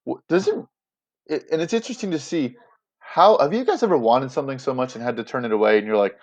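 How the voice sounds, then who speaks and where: Guy teacher breaking down a play, chatty and slangy, kinda dull lo-fi sound. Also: mid-range voice. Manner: chatty, animated, slangy paraphrasing with quick asides. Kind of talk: casual classroom explainer.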